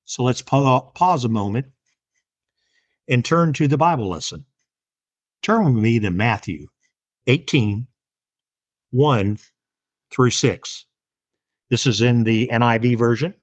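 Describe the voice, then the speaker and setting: A man's voice: medium pitch, animated, slow, long pauses, dry recording. A man reading a story aloud and then teaching a Bible lesson in an earnest, plain-spoken way.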